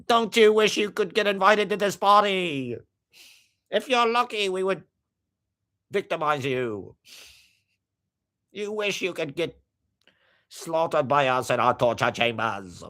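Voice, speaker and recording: A man putting on a sneering, wealthy male TV host, high and exaggerated. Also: animated, measured pace, long pauses, sharp tone, heavily acted. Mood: gloating, taunting. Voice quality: high, mocking, exaggerated drawl. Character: sneering rich male TV host, Australian-style, gloating.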